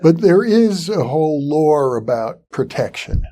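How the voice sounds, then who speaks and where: Mellow-voiced older male interviewer. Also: a little high, very animated, a little slow. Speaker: interview host. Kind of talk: interview conversation.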